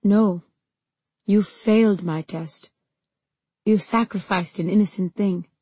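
A woman voicing a cold, mocking male ruler and mentor in an audiobook, speaking in a measured, condescending way. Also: medium pitch, mellow, slightly rough, dry recording. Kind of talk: audiobook character reading.

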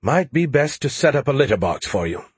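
A man's voice: mid-range voice, big pitch swings, fairly quick, breathy edge, no room sound, voice pushed up. A man voicing a chatty, smug male artificial intelligence who teases with gleeful mockery. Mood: teasing. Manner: mocking, gleeful teasing.

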